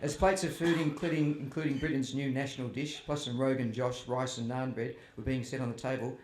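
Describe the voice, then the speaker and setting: This festival author's mid-range, slightly mellow voice is brisk and fairly even as he spins humorous family anecdotes for the audience. He is chatty and self-deprecating, and the roomy tent or hall adds faint ambience and slight background noise.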